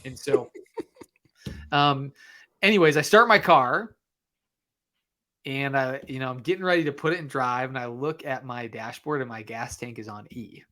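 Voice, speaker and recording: Male podcast guest, mid-pitched, from Michigan; animated storyteller who jumps into voices. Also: a little slow, long pauses. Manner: animated, re-enacts dialogue. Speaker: guest author. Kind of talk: casual storytelling in conversation.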